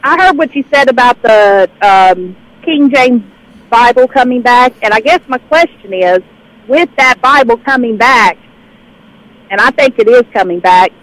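A woman calling in to a radio show who asks her question in an earnest, halting way with pauses. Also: fairly high pitch, expressive, a bit bright, dry recording, rough recording. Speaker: radio caller. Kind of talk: call-in question.

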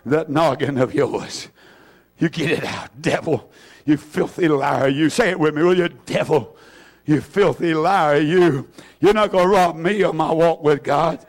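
A man preaching an impassioned sermon in a church, tearful, swinging from shouts to hushed asides. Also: sits high. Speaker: pastor.

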